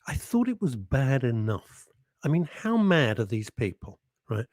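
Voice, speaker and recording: A man hosts a casual radio show, teasing listeners and laughing easily. His voice is mellow and a little husky, with lots of rise and fall. The studio sound is close and dry. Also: medium pitch, sing-song, unhurried, dry recording.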